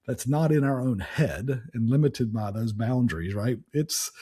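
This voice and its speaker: A man's voice: medium pitch, animated, a little slow, dark tone, breathy edge. A man hosting a podcast, giving a casual motivational talk in a conversational way, with frequent restarts and "right?" tags. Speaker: podcast host.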